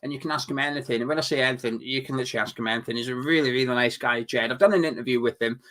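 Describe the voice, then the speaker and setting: A man co-hosting a casual football chat, jokey and brisk, plugging the channel between bits. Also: mid-range voice, fairly bright tone. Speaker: co-host.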